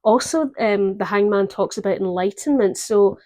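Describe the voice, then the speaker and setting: A woman giving a gentle, reflective tarot reading, pausing often to think. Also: medium pitch. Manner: gentle, reflective, with pauses and fillers. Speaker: tarot reader.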